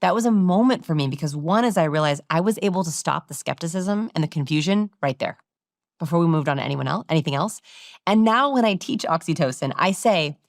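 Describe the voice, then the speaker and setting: A woman's voice: fairly low pitch, lively intonation, quick pace, dry recording, clean studio sound. A middle-aged woman, a guest expert on body language, talking in a conversational podcast interview and animatedly acting out vocal inflections as she explains.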